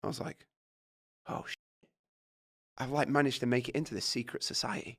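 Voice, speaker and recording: A middle-aged British man telling a story in casual chat, animated and swearing, acting out his own reactions. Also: medium pitch, brisk, vocal fry, a loud crowd. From Britain. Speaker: guest.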